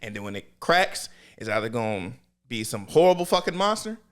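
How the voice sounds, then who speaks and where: A man's voice: mid-range voice, sing-song, brisk, a bit bright, smooth. A young man co-hosting a podcast, chatting casually and profanely about an anime while laughing often. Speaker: podcast co-host. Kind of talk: casual anime review chat.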